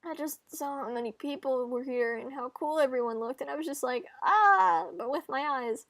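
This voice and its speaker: A woman voicing a shy, teary student who cries easily, speaking softly and apologetically. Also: high voice, moderate pace, vocal fry, no room sound. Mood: shy, apologetic. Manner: soft, quiet and apologetic.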